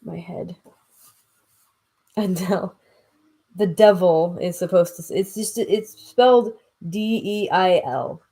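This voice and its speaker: A woman reads an old novel aloud in a relaxed, informal way. Her voice sits slightly low, and she keeps stopping to puzzle over old words and make wry asides. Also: slow, pauses often, slightly rough. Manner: chatty, stumbles over old words, laughs at herself. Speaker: audiobook reader. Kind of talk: casual read-aloud with asides.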